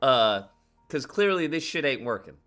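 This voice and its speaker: This man's medium-pitched, slightly bright voice is very animated at a normal speed, with faint music behind it. He rants profanely and bluntly on a call-in political commentary stream, sounding exasperated.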